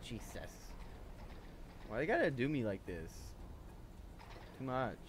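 A man's voice: medium pitch, very animated, takes it slowly, slight background noise. A man playing a video game and talking to himself with frustrated, swear-heavy commentary. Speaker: gaming channel host. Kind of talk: let's play commentary.

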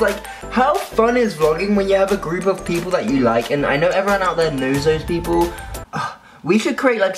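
A man hosting his own vlog, chatting upbeat and directly to his viewers. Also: a little high. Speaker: vlogger host. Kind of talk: casual vlog chat to camera.

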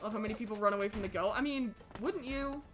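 A woman streaming a video game, muttering to herself and shouting in confused frustration. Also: on the high side, fast talker, soft background music. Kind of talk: casual gaming stream commentary.

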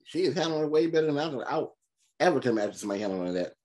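Animated, slangy man reacting to a movie. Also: a little high. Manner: animated and slangy, with quick joking asides. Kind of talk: casual reaction commentary.

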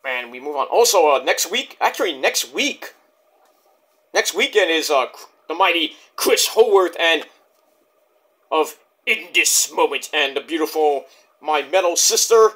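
Excitable, rambling man with a high, lively voice. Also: measured pace. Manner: rambling, excitable, swears often. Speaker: wrestling show reviewer. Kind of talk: casual review monologue.

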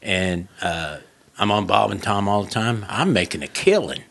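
A man's voice: expressive, moderate pace, gravelly. A male comedian telling stories in a casual podcast chat. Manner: loud laughing, does high mocking voices in quotes. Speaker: comedian guest.

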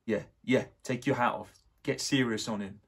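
A young man hosting a casual movie reaction, excitable and swearing, with lots of "like" fillers. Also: mid-range voice, moderate pace, vocal fry, slightly rough.

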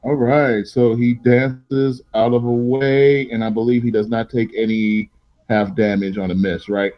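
A man running an online tabletop game as game master, making relaxed, joking rulings. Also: mid-range voice, unhurried, highs cut off.

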